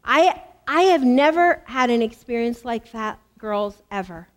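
A middle-aged American woman, a women's ministry speaker, preaching and telling a personal testimony with animated, emphatic repetition. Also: on the high side, unhurried. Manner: animated storytelling, emphatic repeats.

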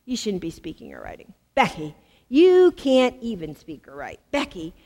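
A woman voicing a taunting male devil who mocks and accuses in a low, hushed murmur. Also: wildly swooping pitch, moderate pace, big-room sound.

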